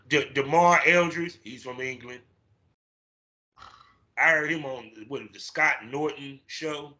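A man hosting a podcast in casual chat, animated and profane, acting out his own reactions. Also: mid-range voice, slow pace, long pauses, muffled recording. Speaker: podcast host.

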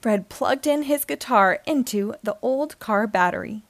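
A woman hosting and reading a children's book aloud in a slow, expressive way. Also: a little high, no room sound. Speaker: host and reader.

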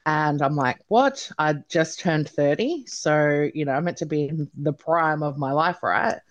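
A woman in her thirties from Australia, telling her story as an interview guest, chatty and animated, with many "like"s and "you know"s. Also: low-pitched, unhurried, highs cut off.

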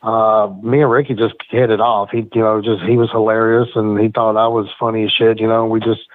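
A man's voice: on the low side, little pitch movement, a little fast, no room sound. A man, casually telling profane road stories on a podcast, laughing and acting out what others said. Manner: profane, laughing storyteller who acts out dialogue. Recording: tinny phone-like remote audio.

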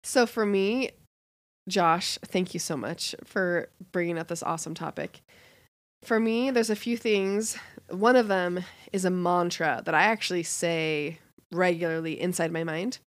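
A woman speaks earnestly and reflectively as a podcast co-host. Her voice sits a little low. The recording is dry and close. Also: measured pace, dry recording. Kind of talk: casual chat.

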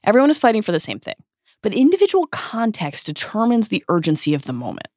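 A woman co-hosting a podcast, recapping a book chapter with expressive reading, dramatic emphasis and pauses. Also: mid-range voice, no echo, clean studio sound. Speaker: podcast co-host.

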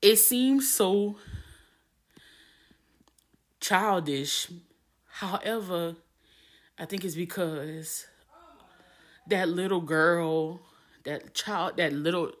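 A woman's voice: on the low side, very slow, pauses often. A young adult woman podcasting alone, talking candidly and emotionally with many restarts, a little teary. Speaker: podcast host. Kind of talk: personal monologue.

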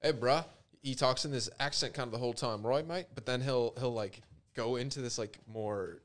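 A man talking as a podcast guest, telling a story in a relaxed way with casual slang. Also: medium pitch, normal speed.

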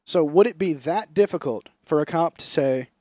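A man's voice: on the high side, moderate pace, no room sound, clean studio sound. A young man co-hosting a comedy podcast, swearing freely and slipping into mocking impressions. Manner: profane, animated, slips into mocking impressions. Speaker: podcast co-host. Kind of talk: casual comedic chat. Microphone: close podcast mic.

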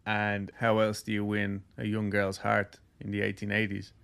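A man's voice: lowish voice, monotone, normal speed, gravelly, a bit bright, clear, resonant tone. A man hosting a podcast, casually telling a ghost story with lots of jokes and filler words. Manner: loose, jokey, heavy use of "like".

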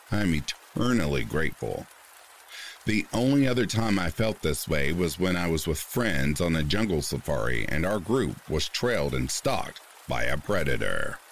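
A man narrating a reader's horror story in a measured, deliberate way, with faint rain behind him. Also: low voice, slight background noise.

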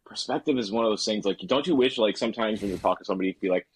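A man chatting as a podcast guest, relaxed and rambling with lots of filler words. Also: on the low side, very fast, husky. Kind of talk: casual podcast chat.

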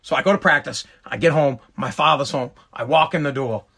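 A man's voice: medium pitch, fairly quick, creaky, sharp tone, slightly rough. A man telling an exasperated, profane stand-up story. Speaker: stand-up comedian.

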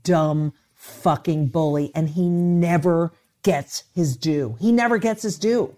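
A woman comedian in casual chat, ranting with heavy swearing and animated outbursts. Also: lowish voice, takes it slowly.

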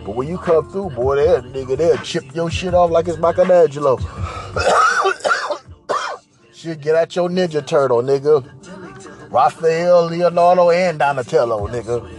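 A man's voice: fairly high pitch, huge pitch swings, measured pace, soft background music. A man hosting a podcast, telling a crude story in a boastful, profane way, repeating phrases and slipping into singsong. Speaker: podcast host.

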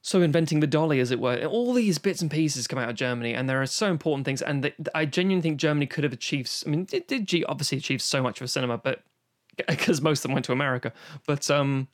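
A man's voice: a little high, lively intonation, fast talker. A man co-hosting a podcast, chatting casually and enthusiastically about an old film, swearing freely and rambling with restarts. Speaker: podcast co-host. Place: home, recorded remotely during lockdown.

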